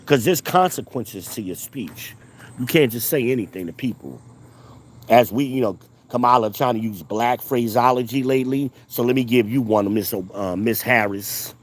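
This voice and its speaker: Adult American man, commentator, heated and repetitive, mid pitch. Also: normal speed. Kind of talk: casual rant.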